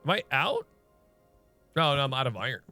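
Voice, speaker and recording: A man's voice: medium pitch, big pitch swings, a little fast, pushed and bright, faint music behind. A man streaming a video game, chatting casually and thinking aloud while he plays, often firing off questions. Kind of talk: casual let's-play commentary.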